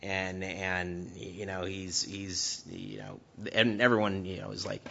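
A male preacher delivers a sermon in a lowish, hard-edged, forceful voice. He stumbles over and repeats his words, then builds to impassioned shouting. The recording sounds dull and lo-fi. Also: unhurried, vocal fry.

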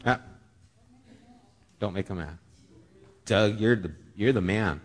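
A man preaching a sermon, telling a story with lively shifts, often dropping to a hushed voice. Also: fairly low pitch, takes it slowly. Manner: animated storytelling, dropping to a hush. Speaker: pastor. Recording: long hall reverb.

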